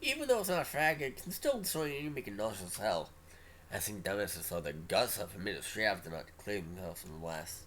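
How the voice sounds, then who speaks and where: A man voicing a brash male military trainer, talking in a loud, commanding way in a game read-aloud. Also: fairly low pitch, sing-song, brisk, slight background noise.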